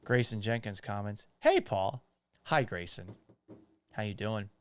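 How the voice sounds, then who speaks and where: A man's voice: fairly low pitch, fairly even intonation, unhurried, a bit bright, clean tone. A man from Boston hosting a live stream in his home office, reading viewer comments and joking with them in a casual, profane way. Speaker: podcast host.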